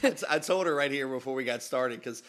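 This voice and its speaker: Quick and a bit bright, his mid-range voice carries an upbeat, rambling podcast he hosts from his home office. The host, also a pastor, laughs often and uses a studio mic with headphones.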